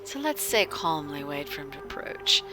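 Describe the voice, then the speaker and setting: A woman narrating a tabletop game as whispered role-play, in a low, hushed voice that drifts slowly through lively rises and falls. Music plays behind her. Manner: hushed, suspenseful narration; chats with viewers. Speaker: game master.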